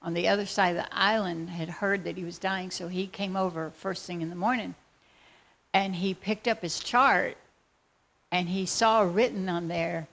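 A woman telling a faith testimony as a lively, excitable story. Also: fairly low pitch, moderate pace, gravelly. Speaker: speaker sharing a faith testimony.

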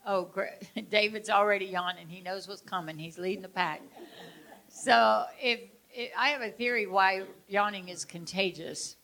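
A woman leading a group session, telling lively stories and laughing often as she talks. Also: medium pitch, moderate pace. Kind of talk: storytelling talk to a group.

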